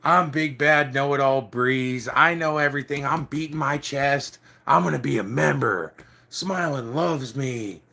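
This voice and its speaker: A middle-aged man with a bright, forward voice tells a long story in a loose, rambling way. He drops "dude" and "like" throughout and keeps a casual, chatty tone. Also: medium pitch, a little slow, vocal fry. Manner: rambling, swears mildly, says "dude" and "like" often. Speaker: storyteller recounting biker club days.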